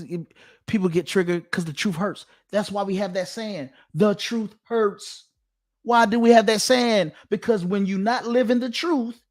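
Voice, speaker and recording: A man's voice: high-pitched, darkish tone. Preachy, emphatic man. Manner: emphatic, repetitive, sermon-like cadence. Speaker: online commentator. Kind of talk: preachy direct-to-camera monologue.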